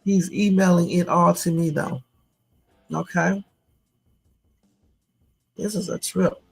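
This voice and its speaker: Slow, gravelly man musing on a livestream. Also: high-pitched, fairly even intonation, soft background music. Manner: slow, musing asides between read-out messages. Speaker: livestream host. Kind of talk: livestream reaction, reading texts aloud.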